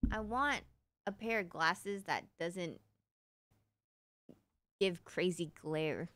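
A woman's voice: fairly low pitch, slow pace, pauses often, a bit bright. A young woman streaming live, casually chatting and answering her viewers' questions in a playful way, humming little nonsense sounds between thoughts.

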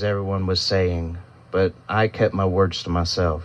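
A man narrating a first-person story in a steady, reflective storytelling manner. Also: low voice, moderate pace, dry recording.

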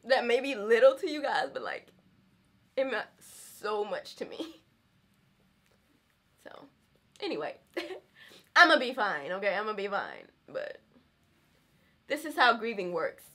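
A young Southern woman talks straight to her camera from home in a loose, candid way, full of asides to her viewers. Her voice is bright and sits a little high for a woman. Her country accent comes through plainly. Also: sing-song, a little slow, pauses often. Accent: Southern American. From Southern United States, rural. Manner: chatty, candid, frequent laughs, says y'all. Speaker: vlogger. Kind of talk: casual chat to camera.

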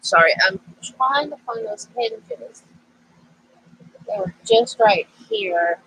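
Chatty, bright-voiced woman crafting at home. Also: a little high, expressive, slow pace, slight background noise, low-quality recording. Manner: rambling and chatty, easily sidetracked. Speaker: craft vlogger. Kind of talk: casual crafting chat to camera.

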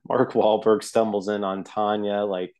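A man's voice: on the low side, level tone, slow pace, darkish tone. A man co-hosting a podcast, chatting casually about a film and acting out scenes in little quoted voices. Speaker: podcast co-host. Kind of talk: casual chat about a movie.

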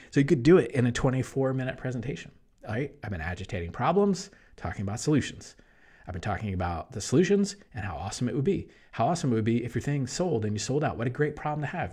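A man talking as an online business coach in a casual promotional monologue, energetic, jumping between loud bursts and hushed asides. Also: mid-range voice, husky. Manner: mimics other people in quoted voices.

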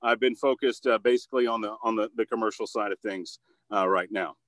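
A man's voice: fairly low pitch, steady tone, brisk, fairly bright tone, no echo. A man who is a voice actor and commercial producer, answering interview questions in an upbeat, goofy way, with lots of fillers and restarts. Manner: upbeat and goofy, with many fillers and repeated starts.

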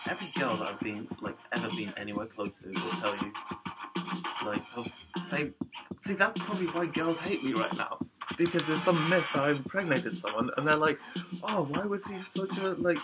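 Brief: young male rapper, mid-pitched, rambling profane vlog rant, defensive, music clearly audible in the background. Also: animated, a little fast, rough recording. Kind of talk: ranting vlog monologue.

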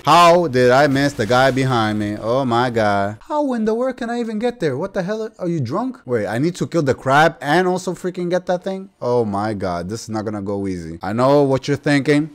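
A young man giving casual gameplay commentary as a YouTuber, excitable and slangy, yelping and talking back to enemies. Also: mid-range voice, moderate pace, few pauses. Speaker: gaming YouTuber.

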